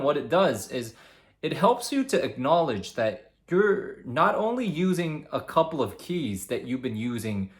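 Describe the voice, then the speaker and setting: Lively young man coaching to camera. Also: medium pitch. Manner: lively, demonstrative, upbeat explaining. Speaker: communication coach. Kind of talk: instructional talk to camera.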